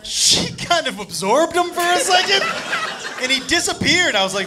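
A male stand-up comedian telling a profane story on a club stage, animated and acting out the people in it. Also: very high-pitched, normal speed, over loud music. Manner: animated, profane, acts out characters. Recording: noisy live club recording with loud crowd. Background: loud audience laughter.

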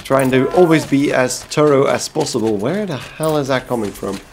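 A man's voice: mid-range voice, moderate pace, slight background noise. A man from Belgium hosting a let's play, chatting casually and making wry asides to viewers. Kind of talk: casual gameplay commentary.

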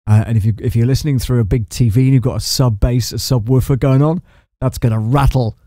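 Man, casual tutorial talk, mid-pitched voice, chatty, dry studio sound. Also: steady tone, quick pace, warm tone, dry recording. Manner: chatty and self-deprecating, often asks the viewer along. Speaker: audio producer demonstrating mixer settings. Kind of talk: casual live-stream tutorial. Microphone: studio microphone through a mixer.

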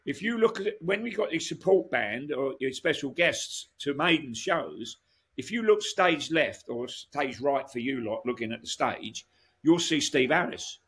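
A man's voice: medium pitch, lively intonation, unhurried, fairly bright tone, slightly rough. A man, a guest musician telling rambling stories in a casual interview, full of restarts and asides.

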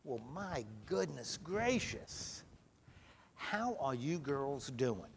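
Guy asking kids questions in church, lively bouncy voice, kinda high. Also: extremely slow, creaky, a little hiss or hum. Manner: gentle, questioning, folksy. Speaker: pastor leading a children's message. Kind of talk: friendly talk with children in church. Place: church sanctuary.

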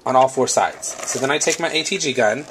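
A man's voice: medium pitch, a little fast, background noise. A man hosting a casual craft tutorial, explaining step by step while recovering from a cold. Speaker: craft video host.

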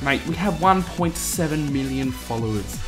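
A man giving casual, jokey let's-play commentary, swearing freely and reading lines aloud in mock-dramatic bursts while typing on a loud mechanical keyboard. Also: on the high side, lively intonation, moderate pace, over loud music. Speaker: gaming YouTuber. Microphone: desk mic beside a loud mechanical keyboard.

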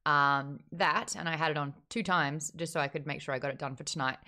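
A woman's voice: sits low, steady tone, fairly quick, sharp tone. A woman hosting a casual online book chat, reviewing a novel candidly and reading out viewer comments, with wry remarks and frequent laughs.

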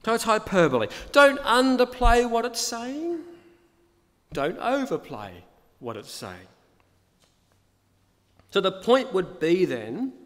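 Male preacher, high and animated, unhurried, emphatic with rhetorical questions, church reverb. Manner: emphatic, repeats key phrases, asks rhetorical questions. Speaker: pastor. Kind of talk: sermon. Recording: long reverb of a church hall.

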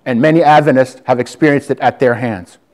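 A man's voice: medium pitch, fairly quick, darkish tone. A man preaching defiantly to a congregation, calling listeners brother and sister. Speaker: lay preacher. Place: church hall with audience.

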